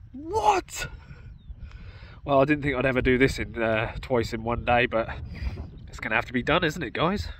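A man's voice: medium pitch, fairly quick, a bit bright. An English man vlogging outdoors in a farm field, breathless and exclaiming in disbelief, with a camera mic. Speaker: metal detecting vlogger. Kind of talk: excited field vlog commentary. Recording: faint outdoor background noise.

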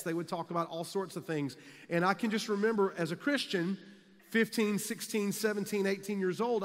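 Preacher, forties, energetic and jokey, high sharp voice, long hall reverb. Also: male voice. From South Carolina, US. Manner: energetic, jokey, builds to shouts. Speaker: youth conference speaker. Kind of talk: humorous storytelling sermon. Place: large conference hall. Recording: echoey large hall.

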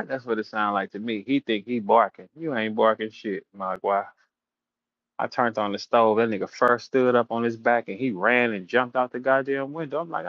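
A man's voice: mid-range voice, normal speed, no room sound, highs cut off. A man hosting a battle rap audio room, telling stories and taunting a rival in a profane, casual rant. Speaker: battle rap show host.

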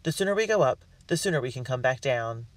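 A man's voice: medium pitch, animated, fast talker, no room sound, close to an everyday voice. A man voicing a haughty, fussy older wealthy woman who complains indignantly, recorded dry from a distant mic. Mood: huffy.

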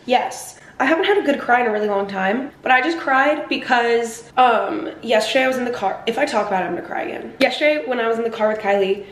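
A woman's voice: on the high side, fast, hardly any pauses. A young woman in her twenties from New Jersey, chatting to the camera in a rambling vlog style and saying "like" often. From New Jersey, USA. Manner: chatty, rambling, heavy use of "like". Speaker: vlogger. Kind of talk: casual vlog chat to camera.

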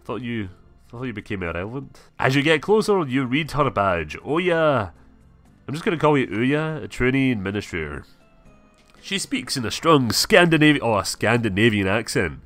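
A man's voice: medium pitch, very animated, normal speed, fairly bright tone, no room sound, soft background music. A man giving gameplay commentary, reading game text aloud, swearing and laughing. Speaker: gameplay streamer. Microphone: webcam mic.

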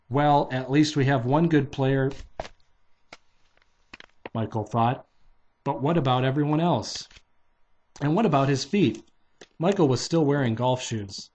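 A man's voice: mid-range voice, measured pace, long pauses, a little mellow, husky. A man casually reading a children's novelization aloud, barely changing his voice for the characters.

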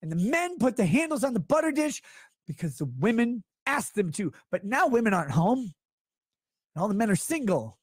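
Brief: male streamer, sarcastic profane rant, very animated pitch. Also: normal speed, breathy edge, no room sound, studio quality. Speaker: livestreamer reading chat. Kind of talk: ranting livestream monologue.

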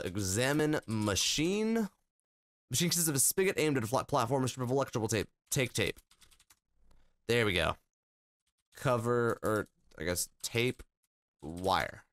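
A man hosting a let's play, reading game text aloud in an excitable, flustered way as he comments on the gameplay. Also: mid-range voice, moderate pace. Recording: game music playing behind.

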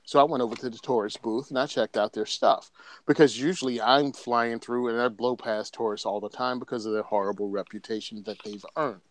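A man's voice: mid-range voice, fairly even intonation, brisk. A man on a podcast telling a story in casual chat, joking and laughing often. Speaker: podcast co-host.

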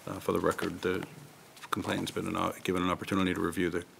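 A man chairing a public hearing on a table microphone, speaking in a formal, measured, procedural way. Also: deep voice, completely flat delivery, gravelly, noisy background. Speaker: meeting chair.

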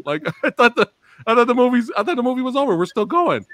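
High, bright-voiced excitable male host. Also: very fast, no echo. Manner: animated, swears freely, acts out his own reactions. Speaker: interview host. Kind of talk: excited storytelling, casual chat.

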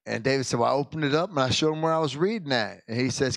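A man's voice: medium pitch, rapid-fire, hardly any pauses, dry recording. A male pastor making casual, folksy church announcements in the sanctuary, chatty and often breaking off mid-sentence. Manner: folksy, chatty, self-interrupting.

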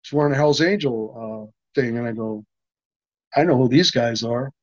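A man's voice: medium pitch, normal speed, no echo. Rambling older man telling a story. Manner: rambling, many restarts, acts out quoted dialogue. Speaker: interview guest, stuntman. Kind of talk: casual anecdotal storytelling. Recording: dull, dry sound.

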